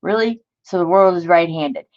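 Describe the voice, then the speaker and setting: A woman's voice: fairly low pitch, moderate pace, highs cut off. A woman hosting a crafting stream, venting in casual chat and answering viewers in the chat. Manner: exasperated, talks to live chat viewers. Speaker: crafting channel host.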